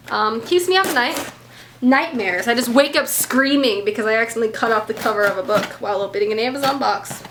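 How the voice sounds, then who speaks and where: Giddy high-voiced woman vlogger. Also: fairly bright tone, a little hiss or hum. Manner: gushing, breathless and giggly, stumbling over names. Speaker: book vlogger. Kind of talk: excited unboxing vlog. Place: home, indoors.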